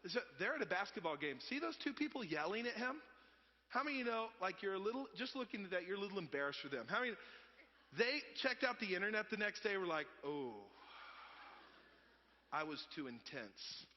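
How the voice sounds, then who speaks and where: Pastor in an echoing church. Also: male voice, high voice, animated, quick pace. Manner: conversational storytelling, swinging between loud and hushed. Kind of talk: sermon. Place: church sanctuary. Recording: dull sound with long reverb.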